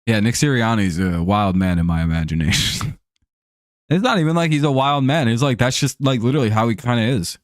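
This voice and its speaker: A man's voice: mid-range voice, animated, fairly quick, no room sound, studio quality. A young man casually talking sports on a livestream, rambling and swearing with lots of fillers and restarts, answering viewers by name. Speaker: streamer hosting a sports chat show.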